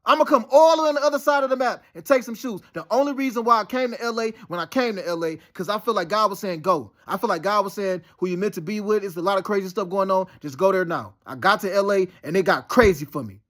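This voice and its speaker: A man's voice: sits high, fast talker, few pauses, a bit bright. A man talking in a rambling, profane, heated and insistent monologue. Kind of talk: casual monologue.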